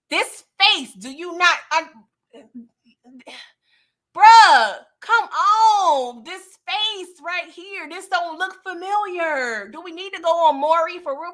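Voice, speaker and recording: A woman's voice: very high voice, bright, forceful tone, voice pushed up, heavily acted. A woman voicing a young man who desperately pleads with his father to recognize him. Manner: exasperated, pleading.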